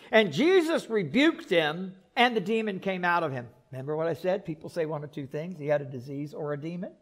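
High voiced pastor guy preaching, animated, lots of restarts and little jokes. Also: fairly quick, hardly any pauses. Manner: animated, repeats words, joking asides. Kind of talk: sermon.

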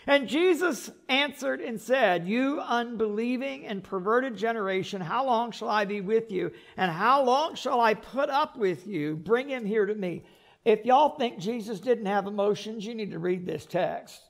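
A male pastor preaching a sermon in an animated way, repeating words and adding joking asides. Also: sits high, measured pace, gravelly.

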